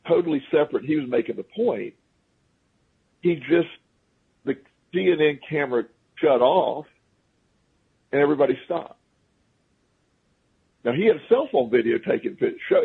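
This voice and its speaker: A man's voice: a little high, gravelly, breathy edge. A man guest on a talk radio show, telling stories in a rambling, casual way with many restarts. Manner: rambling, restarts often, chuckles at his own stories. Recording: phone-line radio call.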